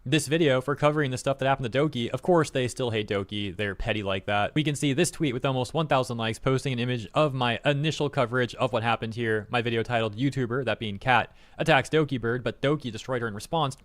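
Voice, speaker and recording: A young man with a mid-range voice narrates a commentary video, steady and measured as he reads quoted posts aloud. The recording is dry and close, with no room sound. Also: medium pitch, no room sound.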